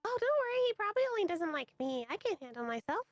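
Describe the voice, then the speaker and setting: Casting: bubbly female player, very high and lively voice, dry sound. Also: quick pace, no room sound. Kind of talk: in-character tabletop play.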